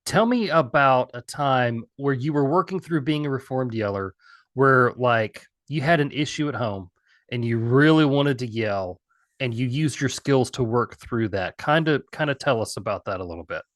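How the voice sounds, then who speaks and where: A man's voice: mid-range voice, animated, normal speed, no room sound, clean studio sound. A man hosting a podcast interview, asking questions in a friendly, encouraging way. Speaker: podcast host.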